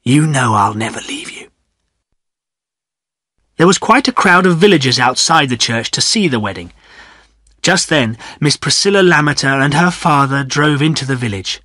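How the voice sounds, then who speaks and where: A man narrating a story in a measured reading for English learners. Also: fairly high pitch, lively intonation, sharp tone, no room sound, studio quality.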